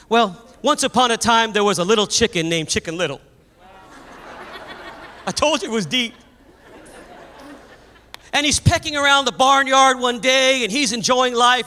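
A man preaching a sermon, telling a story with animated energy and raising his voice at the high points. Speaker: pastor. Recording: long hall reverb.

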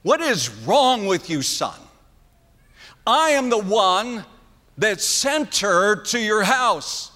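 A man's voice: sits high, big pitch swings, takes it slowly, few pauses, sharp tone, slightly rough, full character voice. A man voicing a furious father-king scolding his grown son, accusing and repeating himself. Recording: long hall reverb.

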